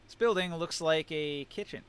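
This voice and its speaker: A man running a tabletop game as game master, narrating scenes in a descriptive way and pausing to find words. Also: fairly high pitch, a bit bright, smooth.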